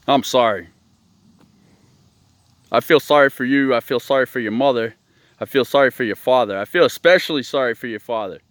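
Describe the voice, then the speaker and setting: A man's voice: mid-range voice, brisk, pauses often, a bit bright, no echo. A man hosting his own show, ranting in a blunt, profane, rambling monologue. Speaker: host.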